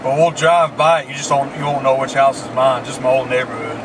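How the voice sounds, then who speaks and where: Road noise fills the background as a man with a Southern Mississippi accent drives through town hosting his vlog. His medium-pitched voice is brisk and flat in delivery, yet his talk stays chatty, joking and folksy.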